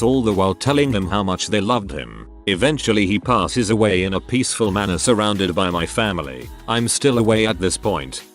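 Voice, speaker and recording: A man narrating online stories in a steady, even scripted reading. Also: fairly low pitch.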